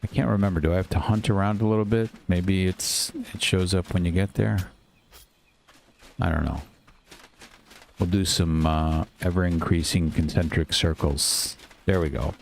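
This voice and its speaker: A man commentating casually over his own gameplay, muttering to himself and quick to get frustrated and swear. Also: low-pitched, fairly even intonation, creaky, a little hiss or hum. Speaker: gaming channel host.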